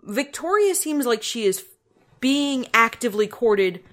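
A woman's voice: a little high, sing-song, measured pace, a bit bright. A woman hosting a podcast in casual chat, explaining details and adding dry asides. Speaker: podcast host.

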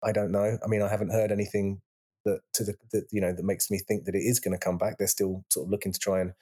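British male guest, low-pitched, rambling chat with restarts. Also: level tone, fast talker, mellow, slightly rough. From England. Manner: rambling, many restarts and repeated words. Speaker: guest, actor and writer. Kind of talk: casual interview chat.

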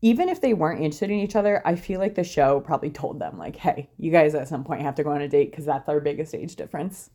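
A chatty woman with a fairly low voice, recapping a reality show in easy, casual talk. She laughs often and drops into playful voices when she quotes people. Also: quick pace, few pauses, dark tone. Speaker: podcast co-host.

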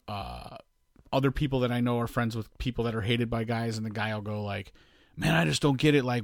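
A man co-hosting a podcast, talking in a measured, reflective way in casual chat. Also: medium pitch, no room sound, studio quality. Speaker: podcast co-host.

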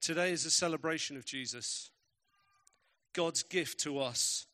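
Bright-voiced man preaching. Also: on the high side, unhurried. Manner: storytelling, emphatic, varied pacing. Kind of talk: sermon.

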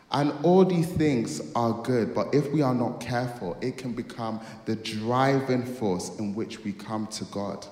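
Male pastor, mid pitch, animated storyteller, recorded in a reverberant church hall. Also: measured pace, few pauses. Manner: storytelling, acts out dialogue, dramatic outbursts. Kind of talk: sermon. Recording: echoey hall with long reverb.

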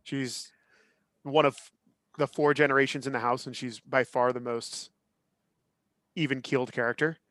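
A man in his thirties co-hosting a podcast, chatting casually in an animated, opinionated way with lots of restarts. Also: medium pitch, moderate pace, long pauses, no room sound, clean studio sound. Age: 30s. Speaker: podcast co-host. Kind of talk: casual chat.

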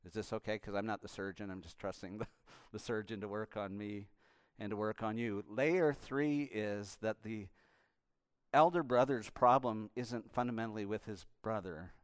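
A male pastor preaching a sermon with passion, swinging between hushed and loud passages. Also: lowish voice, normal speed, clean tone, no room sound, clean studio sound.

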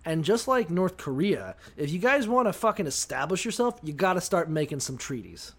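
High-voiced profane man, joking. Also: very animated, normal speed, breathy edge. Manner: profane, jokey, acts out voices. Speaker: podcast co-host. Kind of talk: casual comedic chat, retelling a Bible story.

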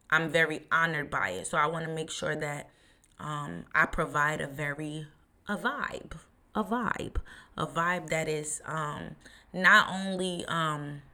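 A woman's voice: low-pitched, pushed and bright. A woman in her thirties hosting a podcast, talking in a chatty, rambling way with lots of fillers. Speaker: podcast host. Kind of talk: casual podcast monologue.

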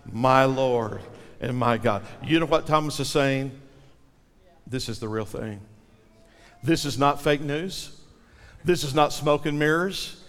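A man's voice: fairly high pitch, a little slow, pauses often, big-room sound. A male pastor preaching a sermon with dramatic delivery, asking the congregation to repeat lines after him.

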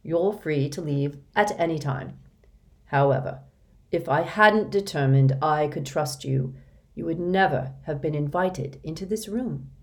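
A woman reading the part of a kindly, wise older man who speaks gently and formally. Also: deep voice, measured pace. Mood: firm.

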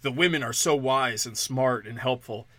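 A man holds forth in a casual podcast rant, crude and sardonic, with plenty of swearing and mockery. His voice is bright and forceful, at a middling pitch. The sound is dry, close and without room echo. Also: moderate pace. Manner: mocking, slips into sarcastic quoted voices.

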